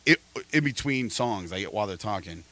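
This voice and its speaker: A middle-aged man, a podcast host, telling an animated story in casual chat and quoting people back and forth. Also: lowish voice, moderate pace.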